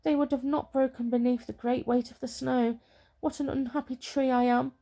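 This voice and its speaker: Boastful fir tree, grumbles and frets, soft-voiced by a woman, whispered role-play, higher voice. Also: flat delivery, normal speed, gravelly. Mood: sorrowful. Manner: grumbling, self-pitying. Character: proud boastful fir tree, later humbled.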